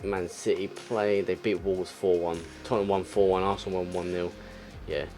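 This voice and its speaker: A man's voice: low-pitched, level tone, normal speed, a little mellow, soft background music. A young man commentating his football video game play, muttering, then bursting out in frustrated exclamations. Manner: frustrated, exclamatory, swings between muttering and outbursts. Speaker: gaming YouTuber. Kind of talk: live gameplay commentary.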